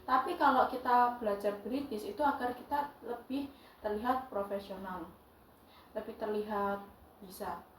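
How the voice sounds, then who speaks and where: A young woman with an Indonesian accent teaching English, switching back and forth between English and Indonesian in halting phrases. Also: fairly high pitch, distant mic, a little hiss or hum. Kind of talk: bilingual lesson. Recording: echoey room, voice from off-mic.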